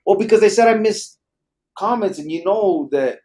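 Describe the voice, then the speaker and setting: A middle-aged man from Arizona hosts a live late-night podcast, reading out viewer comments in a relaxed, joking, profane style. His voice sits high and expressive, with a moderate pace and a darkish tone.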